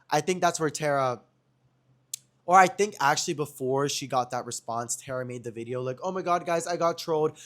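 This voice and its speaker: A young man hosting a podcast who tells gossip stories in a chatty, slangy way and keeps addressing his viewers directly. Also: medium pitch. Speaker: podcast host. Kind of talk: casual gossip storytelling.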